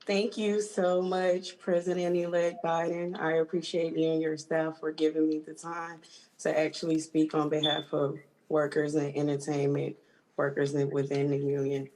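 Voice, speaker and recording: Halting, emotional woman from Georgia. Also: deep voice, level tone, darkish tone, rough recording. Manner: halting, emotional, with many restarts. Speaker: union stage hand. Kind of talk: testimony on a video call. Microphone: video call.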